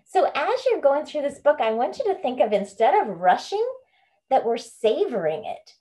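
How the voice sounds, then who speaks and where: A woman's voice: high voice, big pitch swings, normal speed, warm tone. A woman leading a book club over a video call, chatty and bubbly, laughing often. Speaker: book club leader and home coach. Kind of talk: casual online group talk.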